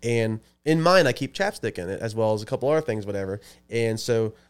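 A man's voice: fairly low pitch, animated, a little fast, clear, resonant tone. A man co-hosting a podcast, telling rambling stories in casual chat and laughing often. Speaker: podcast co-host.

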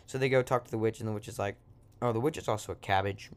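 A man's voice: fairly low pitch, fairly even intonation, fast. A man improvising a silly story in an offhand, joking way, breaking off into asides.

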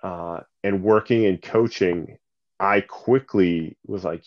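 Man, late 30s, coach, animated storyteller, lowish pitch, dull lo-fi recording. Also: normal speed. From Canada. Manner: animated, lots of fillers, acts out quotes. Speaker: basketball coach and nonprofit leader. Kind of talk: conversational storytelling. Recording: slightly muffled sound.

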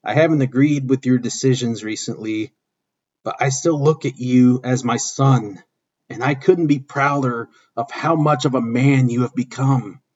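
A man voicing an aging father wrestler, speaking softly and solemnly in a husky voice, on a dull lo-fi recording. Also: mid-range voice, measured pace.

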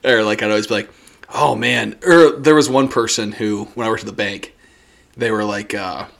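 A man's voice: fairly low pitch, a little fast. A young man chatting casually, laughing easily and ranting with exasperation. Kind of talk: casual chat.

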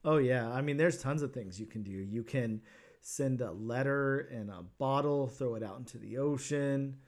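A man's voice: medium pitch, normal speed, a little mellow. A man co-hosting a casual comics podcast, talking in a rambling way with many restarts. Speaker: podcast co-host.

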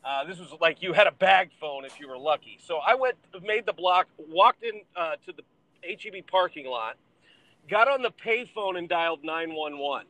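A man's voice: fairly high pitch, animated, normal speed, pushed and bright, dry recording, rough recording. A middle-aged man, a podcast guest, telling rambling stories in casual chat. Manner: rambling anecdotes with fillers and restarts. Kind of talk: casual storytelling.

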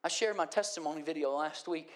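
A man preaching a sermon, moving from quiet storytelling to impassioned pleading. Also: on the high side, quick pace. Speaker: pastor.

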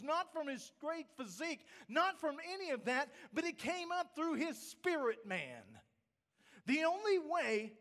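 A man's voice: very high voice, fairly bright tone. A man preaching a sermon, emphatic, asking the congregation rhetorical questions. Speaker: pastor.

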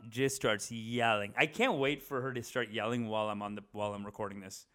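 A man's voice: fairly low pitch, fairly even intonation, brisk, fairly bright tone. A young man talking to the camera in a rambling, casual monologue, swearing and chatting with many fillers and restarts. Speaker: vlogger. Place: indoors at his parents' house.

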